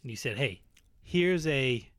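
A man's voice: mid-range voice, lively intonation, unhurried, a bit bright, dry recording, clean studio sound. A man co-hosting a crude comedy podcast, teasing his partner and cursing freely. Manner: profane, teasing, mock-slogan delivery. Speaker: podcast co-host.

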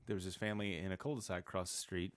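A man's voice: deep voice, steady tone, very fast, dry recording, studio quality. A man co-hosting a podcast, teasing his partner in profane, easygoing banter. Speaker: podcast co-host. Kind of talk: casual chat.

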